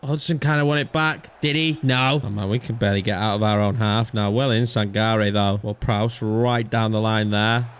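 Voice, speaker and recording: A young man commentating his own football video game match in a chatty way, swinging between calm analysis and frantic pleading. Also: fairly low pitch, normal speed, hardly any pauses, clear, resonant tone. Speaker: gaming YouTuber. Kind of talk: live gameplay commentary.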